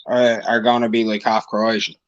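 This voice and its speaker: A man's voice: on the low side, flat delivery, normal speed. A man from Ireland chatting casually on a live stream call, bantering with frequent stammered restarts. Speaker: stream caller. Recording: dull lo-fi call audio.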